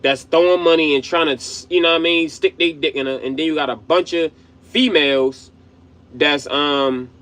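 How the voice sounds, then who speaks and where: A man's voice: a little high, normal speed, fairly bright tone. A man giving a loose, slangy commentary rant full of restarts. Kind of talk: casual commentary.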